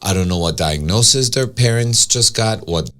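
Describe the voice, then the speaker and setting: A man's voice: fairly low pitch, normal speed. A man being interviewed as an author, telling stories animatedly and acting out what people said. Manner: storytelling, animated, acts out quotes. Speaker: guest author. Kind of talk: interview conversation.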